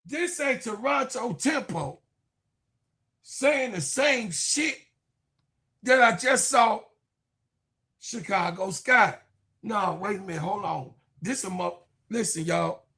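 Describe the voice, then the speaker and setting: Fifties male sports vlogger, high voice, loose profane rant. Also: slow pace, creaky, pauses often. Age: 50s. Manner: animated, profane, keeps repeating "you know what I'm saying". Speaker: sports YouTube commentator. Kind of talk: casual rant to viewers.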